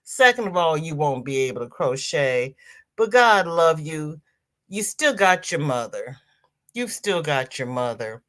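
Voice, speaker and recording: A middle-aged woman hosts a relaxed crochet livestream, reading viewers' comments and answering each warmly, calling them "girl" and "honey." She speaks unhurriedly with long, drawn-out phrases, laughs often, and her voice leaps upward whenever she's delighted or excited.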